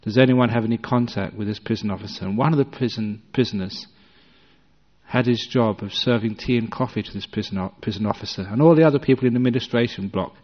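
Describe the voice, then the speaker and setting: A man's voice: lowish voice, fast. Storytelling male meditation teacher in a hall. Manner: conversational storyteller, gently humorous. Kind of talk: dharma talk with storytelling. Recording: dull recording with long hall reverb.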